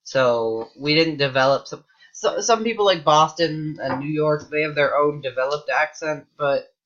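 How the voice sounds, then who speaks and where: A man's voice: a little high, moderate pace, a bit bright, muffled recording. An American man giving casual, rambling commentary while playing a game. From United States. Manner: rambling, chatty tangents. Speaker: gaming YouTuber.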